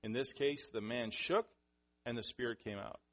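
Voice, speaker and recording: Animated husky-voiced male preacher. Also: medium pitch, normal speed, muffled recording. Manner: animated, acts out scenes with sudden loud bursts. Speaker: pastor. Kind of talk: sermon.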